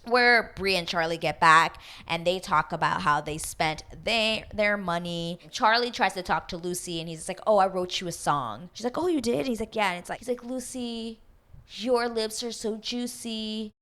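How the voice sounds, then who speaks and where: A woman recaps a reality dating show in a loose, gossipy chat. Her voice sits slightly low. She swears freely and drops into quick impressions of the cast as she goes. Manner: gossipy and animated, swears freely, acts out cast members' lines. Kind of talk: casual chat.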